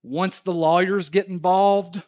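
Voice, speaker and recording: A man's voice: high voice, measured pace. A male pastor preaching a sermon at a church service, telling stories and pressing his points emphatically. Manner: animated, emphatic storytelling preacher.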